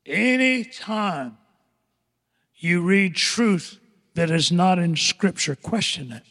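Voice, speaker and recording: Older male pastor, high voice, dramatic sermon delivery, loud-to-hushed swings. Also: animated, slow. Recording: long echoing hall reverb.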